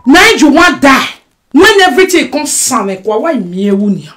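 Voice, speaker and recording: A Nigerian woman ranting on a live stream. She swings between shouting and muttering, mixing Pidgin and English. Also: high-pitched, big pitch swings, normal speed. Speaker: social media personality. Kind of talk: emotional live-stream rant.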